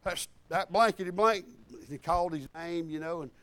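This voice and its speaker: A man preaching a sermon in a folksy, animated storytelling way. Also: high-pitched, moderate pace, no room sound.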